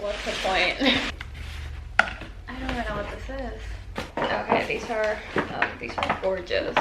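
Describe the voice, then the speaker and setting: A woman's voice: mid-range voice, a bit bright, a little hiss or hum. A young woman chatting casually at home as she vlogs about decorating, gushing and saying "y'all" often. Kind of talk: casual vlog chat. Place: at home indoors.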